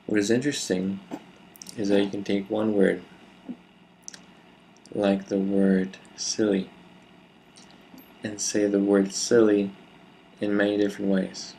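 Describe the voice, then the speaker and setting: A man giving a reflective solo talk to camera, explaining ideas in a slow, measured, deliberate way with pauses. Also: lowish voice, level tone, creaky, dark tone, a little hiss or hum, rough recording. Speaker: video speaker.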